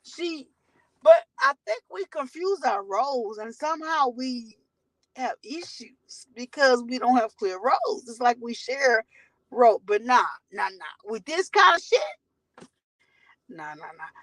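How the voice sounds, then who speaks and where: A woman's voice: fairly high pitch, very animated, measured pace, fairly bright tone, dry recording, poor audio. A woman vlogging from her car, telling a rambling, profane story to her viewers.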